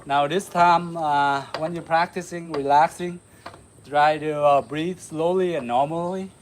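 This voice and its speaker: Male martial arts instructor, Vietnamese accent, slightly high voice, demonstrating strikes with faint background noise. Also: fairly even intonation, a little slow. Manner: demonstrating moves, counting, shouting "boom". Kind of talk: live martial arts lesson.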